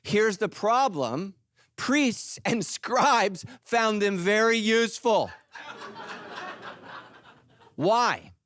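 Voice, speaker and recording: A middle-aged male pastor preaching a sermon in an animated, joking way, acting out little voices. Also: sits high, very slow, long pauses. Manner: animated, jokey, acts out voices.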